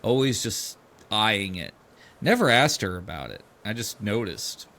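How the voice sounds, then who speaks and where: A middle-aged man, a podcast host, telling a family story casually, animated and swearing freely as he acts out the quoted voices. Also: fairly low pitch, a little slow, gravelly.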